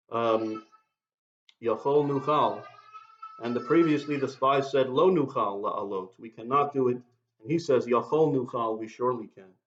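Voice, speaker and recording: A man delivering a sermon at an ordinary pitch, carefully unpacking Hebrew words and quoting verses. The recording is slightly muffled, with a roomy echo around his voice. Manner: explanatory, quotes and translates Hebrew verses.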